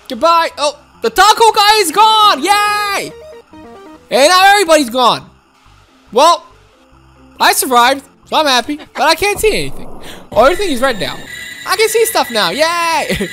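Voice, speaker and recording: A woman giving excited, exclaiming commentary while playing a video game and talking to her viewers. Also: high-pitched. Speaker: gaming video host.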